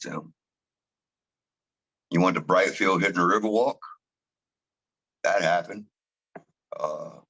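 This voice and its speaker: A man with a South Louisiana accent, a towboat captain telling stories in a casual interview. He talks in an animated, rambling way with slang and frequent laughs, and acts out the voices of his crew. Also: sits low, muffled recording. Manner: rambling with many restarts and slang.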